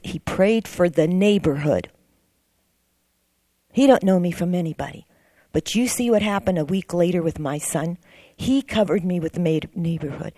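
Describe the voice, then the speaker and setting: Her voice lowish and dark, a middle-aged class member earnestly rambles through a personal testimony in a church class, restarting now and then. There's no echo on the recording.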